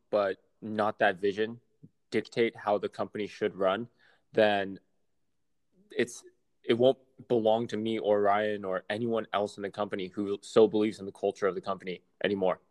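Thoughtful male podcast guest, lowish voice. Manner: measured and thoughtful, with small restarts. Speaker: guest, artist and entrepreneur. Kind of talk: conversational interview.

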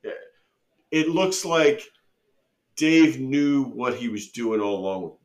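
A man's voice: medium pitch, animated, slow pace. A man co-hosting a casual podcast who rambles through gossipy stories and acts out the quoted lines. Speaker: podcast co-host. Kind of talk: casual joking chat.

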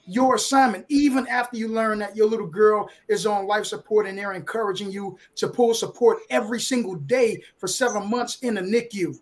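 High-voiced man giving an emotional motivational talk. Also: fairly even intonation, fairly quick, few pauses. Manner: emotional, preachy, with sports metaphors. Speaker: guest author. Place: live online video feed.

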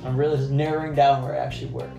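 A man's voice: medium pitch, level tone, very fast, gravelly, roomy sound, over music. Profane, rambling young man telling a story. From Massachusetts. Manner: profane, rambling storyteller who acts out both sides of a phone call. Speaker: podcast co-host. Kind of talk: casual chat.

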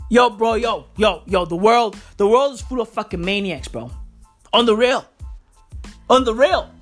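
A woman delivering a profane comic rant, emphatic and swearing constantly, peppered with "bro.". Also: mid-range voice. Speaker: vlogger.

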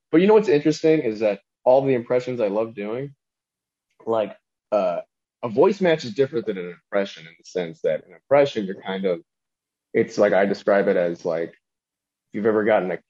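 A man's voice: fairly low pitch, expressive, normal speed, warm tone, muffled recording. A man, a voice actor, chatting loosely on a podcast and rambling between thoughts. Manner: rambling, drops into celebrity impressions. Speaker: voice actor guest. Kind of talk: casual podcast chat.

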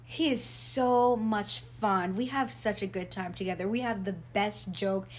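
Brief: woman guest, ministry talk, bubbly and laugh-prone, quick story bursts. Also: mid-range voice, slight background noise. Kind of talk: casual faith conversation.

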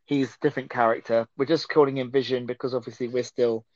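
A man's voice: mid-range voice, flat delivery, quick pace, a little mellow, no echo. A man co-hosting a casual chat while watching a film, rambling and laughing often. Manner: giggly, rambling with frequent laughs. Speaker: podcast co-host. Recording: dull, slightly muffled audio.

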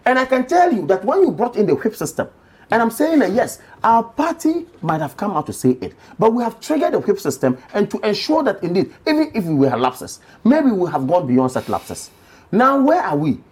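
A panelist arguing a party position emphatically, repeating key phrases. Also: a little fast. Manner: emphatic, repeats phrases, lively swings in pitch. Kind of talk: political panel discussion.

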